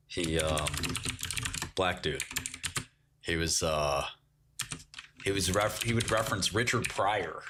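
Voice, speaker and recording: Joking man with a lowish voice. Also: noisy background. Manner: joking, laughs often, answers chat. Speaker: livestream host. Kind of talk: casual livestream chat. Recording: keyboard typing clicks. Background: keyboard typing.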